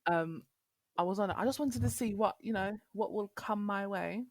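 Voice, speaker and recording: A young woman, a podcast guest telling stories in casual chat, animated and teasing. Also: medium pitch, normal speed, no room sound, clean studio sound. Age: young adult. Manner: animated storyteller, teasing, acts out quotes, laughs often.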